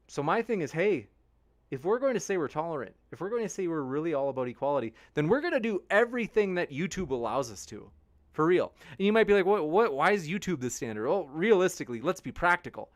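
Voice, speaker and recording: A young man hosts a debate livestream from a close desk mic, and the sound is dry with no room echo. He reads viewer comments and answers them in an animated, chatty way. His voice sits at an ordinary male pitch, and he slips into sarcastic mocking voices now and then. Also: a little fast. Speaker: debate channel host. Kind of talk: livestream chat reading.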